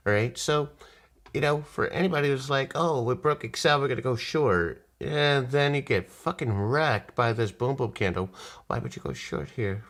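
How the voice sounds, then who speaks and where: A man casually walking viewers through a trading chart, rambling and swearing, acting out little voices as he goes. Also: medium pitch. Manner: profane, rambling, animated with put-on voices. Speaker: day trading streamer. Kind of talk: casual live chart walkthrough.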